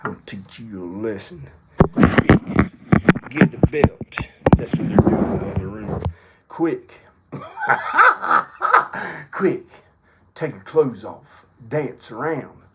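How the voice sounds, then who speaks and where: Slow, giggling man rambling jokes. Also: pushed and bright. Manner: breaks into high giggling fits. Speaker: comedic video maker. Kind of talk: rambling comedic monologue.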